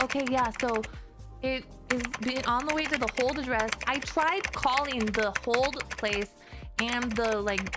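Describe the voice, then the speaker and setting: High-voiced woman ranting over music. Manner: animated, exasperated, acts out both sides. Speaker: streamer. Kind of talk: casual storytelling rant.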